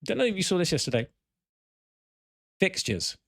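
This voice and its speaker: A man's voice: sits high, big pitch swings, moderate pace, gravelly, fairly bright tone, no room sound, studio quality. A man hosting a live podcast in a chatty, rambling way, correcting himself and reading out viewer comments. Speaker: podcast host. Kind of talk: casual live podcast chat.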